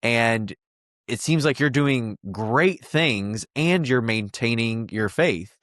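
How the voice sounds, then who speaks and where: A man hosting an interview, gently asking his guest questions while searching for his words. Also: mid-range voice, expressive, takes it slowly, no echo, studio quality. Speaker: podcast host.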